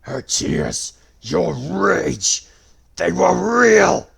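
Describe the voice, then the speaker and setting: A man's voice: medium pitch, expressive, fairly quick, crowd noise, natural voice. Mocking dragon god, cruel and smug, theatrical drawl, a man puts him on. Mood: enraged.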